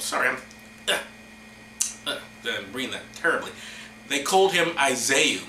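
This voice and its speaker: A man's voice: medium pitch, normal speed, long pauses, slight background noise. Hammy man reading scripture in an echoey room. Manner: deadpan asides, hammy dramatic reading. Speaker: host. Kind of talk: mock-solemn comedic scripture reading.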